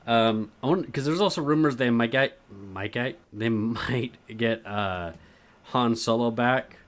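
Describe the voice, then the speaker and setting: A man's voice: mid-range voice, a little slow. Laid-back man co-hosting a podcast. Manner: laid-back, agreeable, sarcastic asides. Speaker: podcast co-host. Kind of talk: casual chat.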